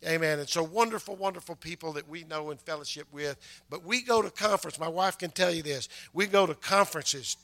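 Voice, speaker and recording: An older man preaching a sermon, conversational and punctuated with amens, building to loud, emphatic passages. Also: a little high, a little fast, hardly any pauses. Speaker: pastor.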